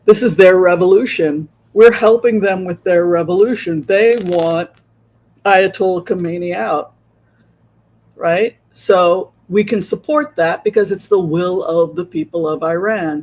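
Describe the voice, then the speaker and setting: A high-pitched man delivers solo political commentary in the role of a psychic tarot reader. He speaks rhetorically, keeps tacking on "right?", and acts out the views of opposing sides.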